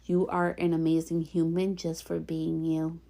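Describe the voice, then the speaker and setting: A woman hosting her own podcast, talking earnestly and encouragingly straight to the listener, repeating gentle affirmations. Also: low-pitched, completely flat delivery, unhurried, gravelly. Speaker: podcast host. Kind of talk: heartfelt solo podcast talk.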